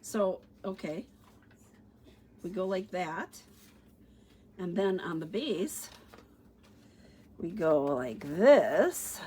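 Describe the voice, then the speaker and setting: A middle-aged woman talks viewers through a paper-crafting demo at an easy, unhurried pace, her voice sitting a little low. She chats and thinks aloud with plenty of fillers, sounding a bit stuffy from allergies. Faint room noise sits behind her. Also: animated, darkish tone. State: sniffly with allergies, sneezing. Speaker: stamping demonstrator. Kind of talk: casual crafting livestream demo.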